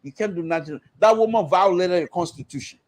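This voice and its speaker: A Liberian man arguing as a liberal commentator on a political talk show, animated and repeating phrases for emphasis. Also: sits high, brisk. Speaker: panel guest, liberal commentator. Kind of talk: heated political debate. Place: remote call-in to a broadcast.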